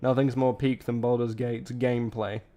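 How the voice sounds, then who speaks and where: A man's voice: mid-range voice, little pitch movement, moderate pace, mellow. A tired man streaming and reacting to a clip, rambling and blunt in casual commentary, cursing freely.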